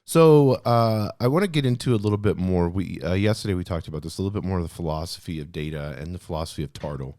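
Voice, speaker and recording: A man co-hosting a podcast, steering the talk in a relaxed, joking way. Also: low voice, quick pace, hardly any pauses, dry recording, studio quality. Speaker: podcast co-host. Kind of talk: casual podcast chat.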